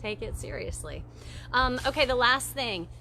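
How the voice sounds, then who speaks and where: A woman's voice: on the high side, moderate pace, vocal fry. Chatty woman streaming live, background noise. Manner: animated, chatty, greets viewers by name mid-sentence. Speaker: live video host. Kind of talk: casual live-stream talk.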